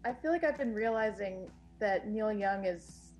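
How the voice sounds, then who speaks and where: A woman's voice: medium pitch, animated, measured pace, a little mellow. A woman calling in to a radio show, chatting and giggling often. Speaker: caller. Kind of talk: casual call-in chat.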